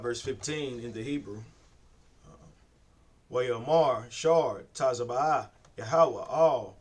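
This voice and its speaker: Slow, hesitant man reading aloud. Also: mid-range voice, distant mic. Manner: slow, hesitant, sounding out words with restarts. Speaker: scripture reader in class. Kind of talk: halting read-aloud of scripture.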